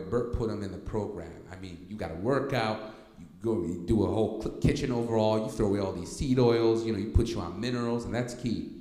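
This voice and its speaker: A man giving a workshop talk to an audience, telling a personal story with lively energy and often asking "okay?" to keep the room with him. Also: low-pitched. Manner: animated, repeats "okay?" to check in with listeners. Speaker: workshop speaker. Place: church hall. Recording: echoey hall with long reverb.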